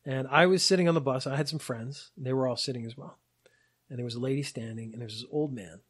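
A man's voice: mid-range voice, quick pace, breathy edge. A man in his forties telling personal anecdotes in a reflective, wry, digressive way. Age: 40s. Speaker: storyteller.

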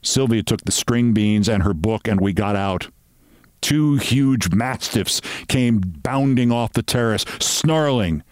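A man reads a story aloud with wry, deliberate storytelling. His voice sits at a middle pitch for a man. The recording is dry and close, with no room sound. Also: no room sound. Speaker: host reading a story aloud. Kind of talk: storytelling narration.

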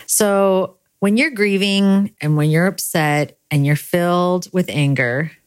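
A woman's voice: sits low, dry recording. A young adult woman, grieving, telling a candid, self-deprecating personal story in a casual monologue and laughing at herself.

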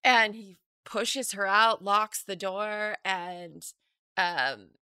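A woman's voice: mid-range voice, drawn-out words, bright, forceful tone, clean tone, dry recording, clean studio sound. A young woman telling a personal story as a guest in a casual chat. She laughs often and acts out what people said.

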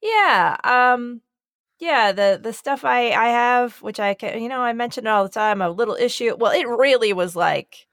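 A woman's voice: on the high side, expressive, moderate pace, a bit bright, no echo, studio quality. A woman co-hosting a podcast, chatting casually with a wry, theatrical flair. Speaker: podcast co-host. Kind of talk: casual chat.

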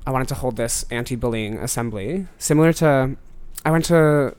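A man's voice: medium pitch, normal speed, darkish tone, clear, resonant tone. A young man, a podcast guest, chatting casually and telling a story with lots of fillers and asides. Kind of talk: casual chat.

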